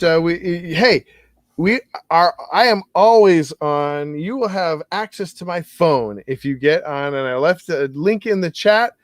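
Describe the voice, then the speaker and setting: A fairly high-pitched man hosts a podcast in relaxed chat and keeps the mood upbeat with easy laughter. The sound is close and dry. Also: dry recording. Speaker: podcast host. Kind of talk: casual fantasy football chat.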